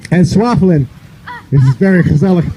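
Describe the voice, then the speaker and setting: A man's voice: a little high, a little fast, mellow, a little hiss or hum, poor audio. A man from the northern United States doing a loose, rambling stand-up comedy set on an outdoor park stage, filling his talk with "you know".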